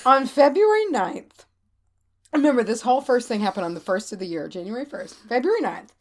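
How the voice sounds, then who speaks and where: High, lively woman telling a story. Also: brisk. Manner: animated, swears freely, laughs often. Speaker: podcast co-host. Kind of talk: casual storytelling chat.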